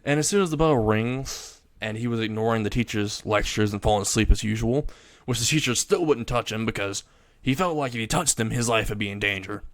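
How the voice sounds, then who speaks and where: A man's voice: fairly low pitch, brisk, dry recording. A young man casually narrating an improvised fan story, rambling and crude, laughing at his own jokes.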